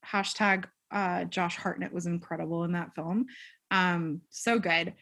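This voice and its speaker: A woman's voice: fairly low pitch, measured pace. A woman co-hosting a podcast, recapping a film in casual chat and acting out the characters' lines as she tells it. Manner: animated storyteller, acts out quotes. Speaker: podcast co-host.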